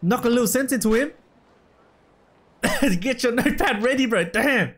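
A man giving casual, excitable gameplay commentary, full of slang and shouts at the game. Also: extremely high pitch, normal speed, husky. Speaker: let's play gamer. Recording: loud game music underneath. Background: game music.

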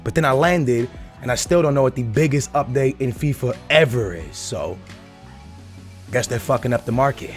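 A man hosting a gaming vlog from his home, telling a story in an excited, slangy, profane way. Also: mid-range voice, normal speed, soft background music. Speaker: gaming YouTuber host. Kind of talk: excited casual vlog chat.

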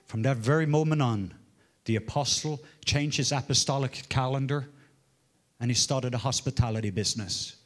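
A man in his forties from Norway, preaching a sermon as a story, swinging from loud exclaims to hushed murmurs. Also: medium pitch. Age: 40s. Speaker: guest preacher.

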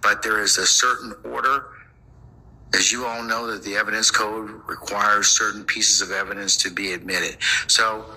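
A man presiding as a judge, calmly explaining courtroom procedure. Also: on the low side, normal speed, slightly rough, rough recording. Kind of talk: courtroom ruling.

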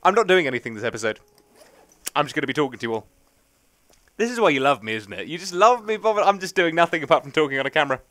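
A man's voice: on the high side, lively intonation, fast talker, bright, forceful tone, no echo. A young man, rambling and joking through casual let's play commentary. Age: young adult. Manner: rambling, chatty, jokey. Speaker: gaming commentator.

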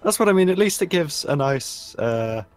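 A man co-hosting a game stream, chatting in an easygoing, halting way with lots of fillers. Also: on the high side, expressive, soft background music. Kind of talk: casual gaming stream chat.

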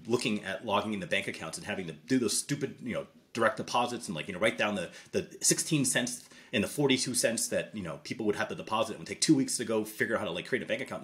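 A man's voice: lowish voice, fairly bright tone. A middle-aged man, an investor guest in an interview, telling stories with many fillers and acting out remembered dialogue. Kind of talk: interview storytelling.

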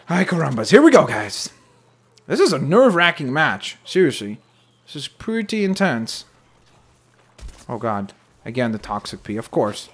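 A young man giving casual running commentary over a shooter game, animated and quick to exclaim when things go wrong. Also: mid-range voice, breathy edge. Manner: animated, exclaims at setbacks, jokey asides. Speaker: gameplay commentator. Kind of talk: gameplay commentary.

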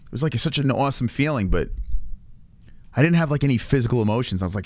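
A man's voice: medium pitch, expressive, fast, a little mellow, no echo. A man in his thirties hosting a casual livestream chat, rambling with fillers and restarts and swearing freely. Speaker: streamer host.

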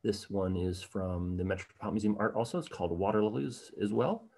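A man's voice: lowish voice, fast talker, dark tone. A man presenting an art history livestream to his viewers, speaking conversationally with frequent ums and uhs and taking questions from the chat. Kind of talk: livestream slideshow lecture.

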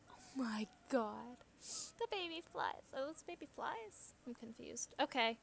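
A woman's voice: high-pitched, animated, unhurried, creaky, slight background noise. A young woman thinking aloud as she plays a puzzle game, chatty, gasping and squealing at what happens on screen. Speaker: gamer. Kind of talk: casual let's play commentary.

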